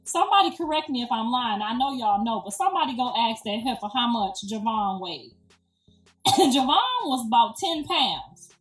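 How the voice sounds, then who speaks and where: A middle-aged woman, a grandmother, telling a story in an animated, emphatic, slangy way with plenty of swearing. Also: a little high, normal speed. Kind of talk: casual storytelling. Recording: echoey room, distant mic, faint music.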